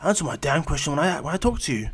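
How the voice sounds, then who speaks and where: A man's voice: on the high side, very animated, very fast, breathy edge, exaggerated voice. A man voicing a jealous, hot-headed young male ninja who snaps rudely. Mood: angry. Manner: snapping, rude.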